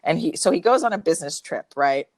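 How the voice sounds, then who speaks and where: Young woman guest, low voice, dry close sound; loose, profane, animated storytelling. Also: quick pace, no echo. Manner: profane, filler-heavy, animated retelling. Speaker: podcast guest. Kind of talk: casual storytelling chat.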